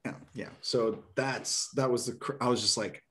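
A young man from Nebraska spins a podcast anecdote, animated and rambling, tripping over restarts and filler words. His voice sits at an everyday middle pitch. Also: normal speed. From Nebraska, USA. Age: young adult. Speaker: podcast guest, door-to-door book seller. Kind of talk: casual storytelling on a podcast.

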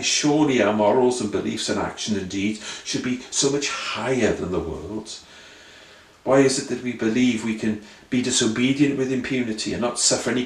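A man preaching an earnest sermon full of rhetorical questions and repeated phrases. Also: fairly low pitch. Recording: roomy sound, voice from a distance.

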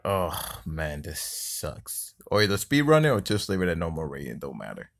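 Low-voiced man grumbling through a game. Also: wildly swooping pitch, fast talker, gravelly, soft background music. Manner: exasperated, grumbling and cursing at the game; taunts the game enemy mockingly. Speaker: mobile game player. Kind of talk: casual let's-play commentary. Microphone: phone screen-recorder mic.

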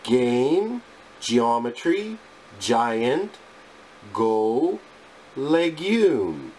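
A man leads a phonics drill, pronouncing each sound and word on its own at an extremely slow, measured pace. His voice sits in a middle pitch, and a faint hum of room noise lies under it. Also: sing-song, darkish tone. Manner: deliberate, clipped word-by-word recitation. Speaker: English teacher.

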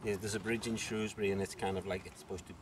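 A man's voice: on the low side, steady tone, quick pace. A friendly man, a passer-by chatting outdoors and rambling a little. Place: outdoors by a canal. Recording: distant voice with crowd noise.

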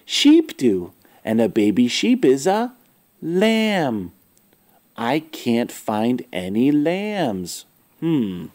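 Slow, lively man reading to kids. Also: medium pitch. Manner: asks the listeners questions, sounds out animal noises. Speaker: storyteller for children. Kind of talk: reading a picture book aloud to kids.

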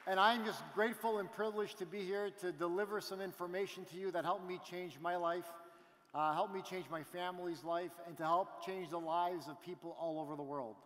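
A middle-aged man from Canada giving an animated motivational talk on stage, telling stories with asides to the crowd. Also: sits high, fairly quick. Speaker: business event speaker. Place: large event hall. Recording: reverberant hall.

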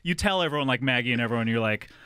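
A man's voice: mid-range voice, lively intonation, very fast, sharp tone, smooth, no echo, studio quality. A man hosting a comedy podcast, teasing his guests in casual chat. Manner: playful, teasing. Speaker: podcast host.

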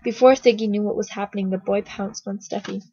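A woman reading a children's novel aloud, in a steady storytelling manner with small slips. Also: mid-range voice, fairly quick, breathy edge, no room sound. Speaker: reader, narrator. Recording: dull lo-fi recording.

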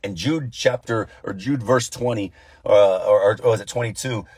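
A man in his thirties, a pastor giving a devotional talk, telling stories with animated, acted-out voices. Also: lowish voice, normal speed, breathy edge, dry recording. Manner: animated storytelling, acting out voices. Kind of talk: devotional sermon.

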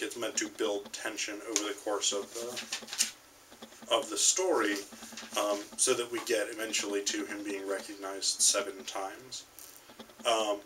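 A man's voice: fairly low pitch, sharp tone, recorded from a distance, a little hiss or hum, low-quality recording. A man giving a video lecture on a short story, talking hesitantly with many ums and restarts.

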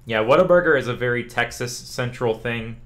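A man's voice: medium pitch, brisk. A young man from Louisiana, a streamer in casual chat with his viewers, talking in a loose, rambling way with lots of "like". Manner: chatty and relaxed, answers chat questions, says "like" a lot.

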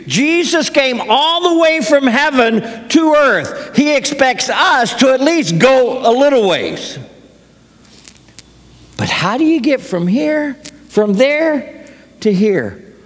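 High-ish voiced guy preaching slow, folksy stories, lots of hall echo. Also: very animated, a bit bright. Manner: folksy storytelling, acts out quotes. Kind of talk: sermon. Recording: long hall reverb.

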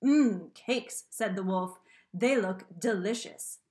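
A woman voicing a sly, greedy wolf from a children's storybook, drawing out each line slowly. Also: medium pitch, darkish tone, reverberant, close to an everyday voice.

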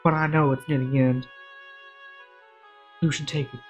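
Streamer putting on a Southern belle leader, solemn drawl, husky tone, faint music behind. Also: mid-range voice, little pitch movement, a little slow. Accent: put-on American Southern. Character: dying Southern belle rebel leader woman.

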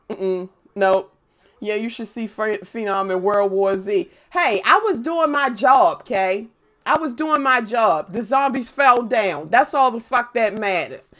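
A young woman live-streaming a game, chatting casually with viewers, playful and profane, breaking into loud squeals when she greets people. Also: a little high. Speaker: gaming streamer.

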